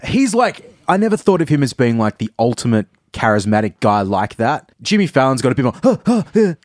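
A man's voice: medium pitch, lively intonation, a little fast, no room sound, studio quality. A man chatting casually, reacting with wry jokes and easy opinions. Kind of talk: casual chat.

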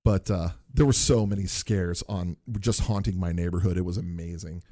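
A man chatting casually on a podcast and telling an animated story, acting out the people in it. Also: low voice, normal speed. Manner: animated storyteller, acts out quoted voices.

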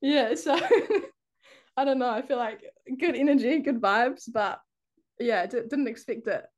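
Casting: New Zealand woman, young football player, chatty guest, lightly high voice, giggly, full of "like". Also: normal speed. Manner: laughs often, heavy use of "like". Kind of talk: casual interview chat.

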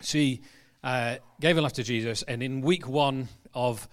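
A man's voice: medium pitch, measured pace. Conversational man preaching. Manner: conversational storytelling, animated, frequent restarts and fillers. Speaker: pastor. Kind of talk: sermon. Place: church hall.

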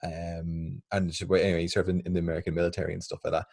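A man's voice: low voice, little pitch movement, very fast, vocal fry, a little mellow, dry recording, clean studio sound. A man co-hosting a podcast, chatting casually in a rambling, laid-back way. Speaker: podcast co-host. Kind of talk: casual chat.

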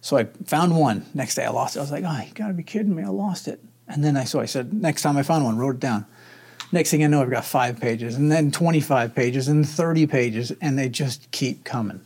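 A man's voice: medium pitch, fairly quick, a little mellow, slightly rough. A man who is a veteran, telling his personal story in an interview in an earnest, upbeat way. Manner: earnest, upbeat, acts out his own inner voice.

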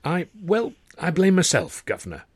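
An anxious, eager young showman with a raised, strained voice that stammers and wheedles, as a male narrator puts him on. The delivery is pushed and fairly loud, recorded dry and close in a storybook reading. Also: high-pitched, wildly swooping pitch, normal speed, slightly rough, no echo, pitched above the performer's own voice, exaggerated voice. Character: anxious, pleading young male music-hall performer.

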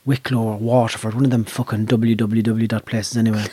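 A man's voice: fairly low pitch, level tone, a little fast, dark tone, husky, no room sound. An Irish man telling a long anecdote in casual chat, swearing freely as he goes. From Ireland.

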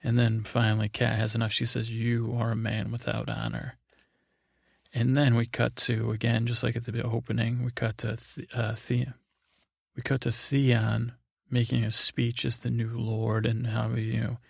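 A man hosting a sleep podcast, rambling through a meandering recap with offhand quick impressions of characters. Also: mid-range voice, monotone, creaky, no room sound, clean studio sound. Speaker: podcast host.

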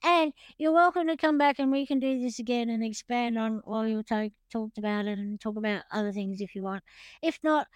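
A woman's voice: on the high side, steady tone, moderate pace, clear, resonant tone, no echo. A woman hosting a podcast interview, talking in a chatty, rambling and openly emotional way. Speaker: podcast host. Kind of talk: casual interview chat.

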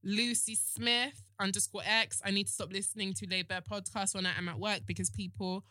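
Bright-voiced frank woman. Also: mid-range voice, level tone, dry recording, studio quality. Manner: frank, playful, quick banter. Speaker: podcast co-host. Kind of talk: casual chat.

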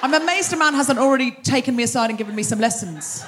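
Teasing woman hosting a live comedy show. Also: sits high. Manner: teasing, chatty crowd work with quick asides. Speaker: host. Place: theatre stage before a live audience. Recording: live theatre recording with audience noise.

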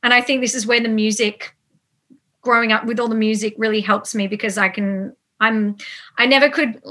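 A woman guest in a casual interview, telling an animated story with many fillers and quoted asides. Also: fairly high pitch, normal speed. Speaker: actor guest.

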